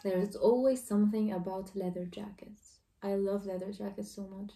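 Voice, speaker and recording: A woman's voice: medium pitch, steady tone, normal speed, warm tone, far from the mic. A woman hosting a casual music video reaction, talking in gushing exclamations with loose, informal phrasing. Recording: echoey room, voice off-mic.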